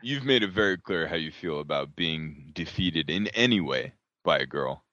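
A man co-hosting a podcast, telling a story in a laughing, animated way. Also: rumbling low, moderate pace, no room sound. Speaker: podcast co-host. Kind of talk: casual storytelling chat. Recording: dull, dry lo-fi audio.

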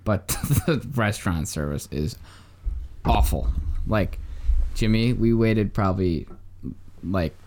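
A man's voice: on the low side, slow, long pauses, a little hiss or hum. A young man, a podcast guest telling jokey stories in casual chat. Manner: animated, jokey, trailing off.

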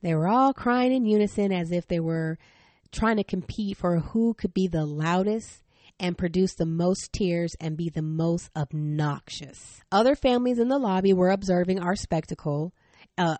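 A middle-aged woman with a lowish voice tells a family story as a podcast host. She is frank and a little stern, and she laughs often between lines. The sound is dry and close, with no room around it. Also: dry recording. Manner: animated, laughing often, acting out quotes. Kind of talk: personal storytelling.

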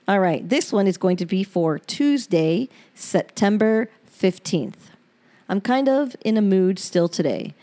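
A woman reads her own journal entries aloud as a podcast host, in a frank and emotional way and with open swearing. Her voice is dark and mellow, at an ordinary pitch for a woman. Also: expressive, measured pace, faint music behind. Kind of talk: reading personal diary entries aloud.

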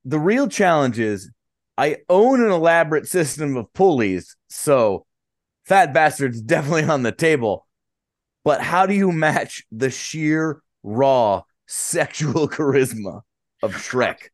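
A man co-hosting a podcast, chatting casually in a halting way with many restarts. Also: a little high, very animated, dry recording, studio quality. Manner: halting, restarts often, slow drawl. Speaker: podcast co-host. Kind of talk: casual banter.

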